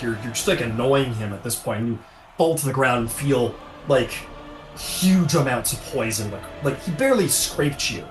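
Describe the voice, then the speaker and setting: A man's voice: medium pitch, distant mic. A man narrating a tabletop game as game master, rambling with many fillers. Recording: echoey room, music behind.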